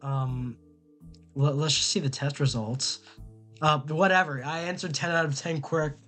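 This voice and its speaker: A man's voice: on the high side, steady tone, moderate pace, bright, forceful tone, faint music behind. A young man streaming casually, reading quiz questions aloud and answering them in a rambling, flustered way, often stammering and repeating himself.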